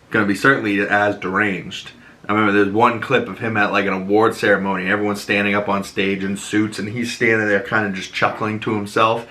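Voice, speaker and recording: Chatty bright-voiced man with Boston accent. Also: on the low side. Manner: rambling, loose and chatty, lots of fillers. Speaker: podcast host. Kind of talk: casual commentary.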